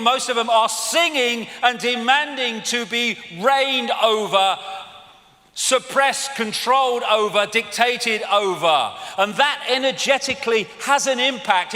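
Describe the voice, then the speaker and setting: A man's voice: sits high, bright, forceful tone. A man giving an arena lecture, ranting and sarcastic, swearing freely. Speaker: public speaker. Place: large indoor arena. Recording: big hall reverb with audience.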